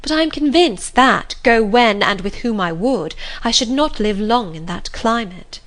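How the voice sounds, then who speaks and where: A woman's voice: fairly high pitch, lively intonation, a little slow, fairly bright tone. A woman voicing an earnest young heroine. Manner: earnest, pleading yet firm. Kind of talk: audiobook reading.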